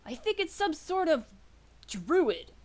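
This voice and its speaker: Woman playing a chirpy orc farm wife, coaxing, high voice. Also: big pitch swings, takes it slowly, heavily acted. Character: cheerful female orc farm wife, bossy.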